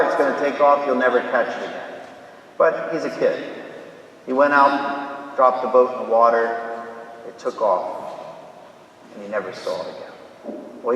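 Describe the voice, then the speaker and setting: A man, a Catholic priest, giving a slow, deliberate sermon with a story woven in, recorded in a large church. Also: mid-range voice. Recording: echoey church hall from far off.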